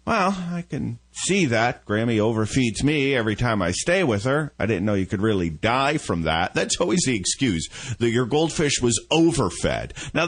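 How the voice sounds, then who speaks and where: Husky man with a lively comic rant. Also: mid-range voice. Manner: animated, joking, rambling. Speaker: radio segment host. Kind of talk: comic monologue.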